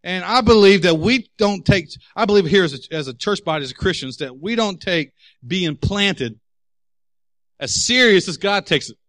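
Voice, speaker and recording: A man's voice: high-pitched, lively intonation, moderate pace, a bit bright, no echo. A man preaching a sermon as pastor, candid and emphatic, telling personal stories.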